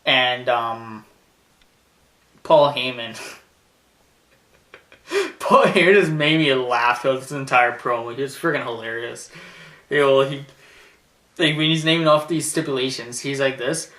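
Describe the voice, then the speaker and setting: A man's voice: mid-range voice, a little slow, pauses often, fairly bright tone, recorded from a distance. A man casually recapping a wrestling show on his vlog, rambling with lots of laughter and restarts. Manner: rambling, laughs often, many fillers and restarts. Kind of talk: casual chat. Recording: roomy echo, set back from mic.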